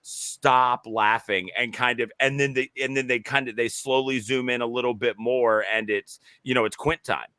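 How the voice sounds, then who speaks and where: A man co-hosting a podcast, talking excitedly in casual chat with many restarts and halting phrases. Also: mid-range voice, no echo, clean studio sound. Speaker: podcast co-host.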